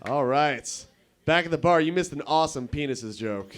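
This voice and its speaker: A man's voice: a little high, lively intonation, moderate pace. A young man doing stand-up at an open mic in a bar, crude and rambling as he banters with the crowd. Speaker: stand-up comedian.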